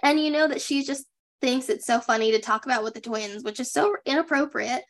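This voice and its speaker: A woman's voice: sits high, a little fast. A young woman co-hosting a podcast, recapping a reality show in a chatty, sarcastic way. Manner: chatty, sarcastic, animated impressions. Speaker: podcast co-host. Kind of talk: casual recap chat.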